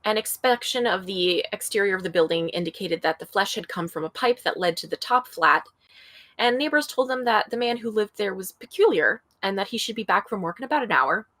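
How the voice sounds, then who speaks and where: A woman's voice: medium pitch, animated, fairly quick, a bit bright, dry recording, rough recording. A woman co-hosting a podcast, retelling a true-crime case in a chatty way, reading passages aloud and adding her own asides. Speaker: podcast co-host. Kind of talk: casual true-crime storytelling.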